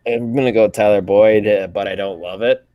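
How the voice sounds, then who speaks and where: A man's voice: on the low side, steady tone, moderate pace, dry recording, lo-fi sound. A man co-hosting a podcast, easygoing, reading listener questions out plainly. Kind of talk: casual sports chat.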